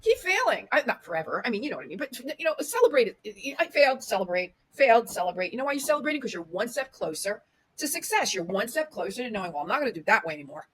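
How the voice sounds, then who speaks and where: A woman's voice: on the high side, very animated, quick pace, husky. A woman speaking as a podcast guest and media coach, giving motivational advice in an emphatic style with repeated lists and restarts. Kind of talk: motivational interview talk.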